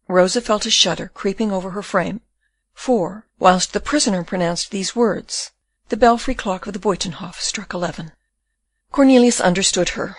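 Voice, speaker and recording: A woman's voice: medium pitch, normal speed, no echo. Woman narrating a classic novel, dry. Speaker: audiobook narrator.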